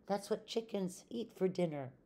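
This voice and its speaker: A woman voicing a cheerful, literal-minded housekeeper in a children's storybook reading, matter-of-fact and bright. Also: mid-range voice, lively intonation, normal speed, pitched above the performer's own voice.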